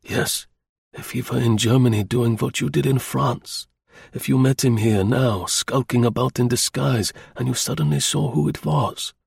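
A man voicing a cool, daring male British spy who talks low and earnestly. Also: normal speed, creaky, breathy edge, no room sound, clean studio sound. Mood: probing.

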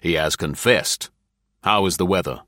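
A man reading the part of a cold, impassive male general who gives orders in a slow, clipped way. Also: deep voice, a bit bright, no room sound, clean studio sound. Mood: cold command. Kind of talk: audiobook character reading.

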